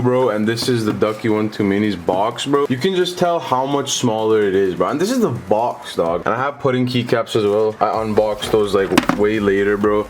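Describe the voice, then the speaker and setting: A young man with an American accent casually unboxing a keyboard, chattering excitedly in slang and calling his viewers "bro.". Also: fairly low pitch, noisy background. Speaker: tech YouTuber.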